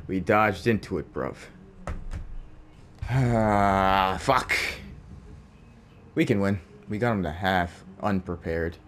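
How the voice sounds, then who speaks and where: A man's voice: low-pitched, normal speed, few pauses, slight background noise. A young man giving casual, profane gameplay commentary as a streamer, swearing and trash-talking as he plays. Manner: profane, exasperated trash talk. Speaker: gaming streamer. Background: game music.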